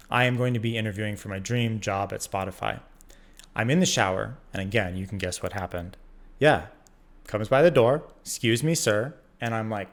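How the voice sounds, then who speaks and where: A man in his thirties from the United States recounts a personal story straight to the camera in a casual vlog. His voice sits at an ordinary middle pitch and his delivery is animated. He acts out the quoted voices and fills the gaps with frequent ums and likes. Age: 30s. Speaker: vlogger.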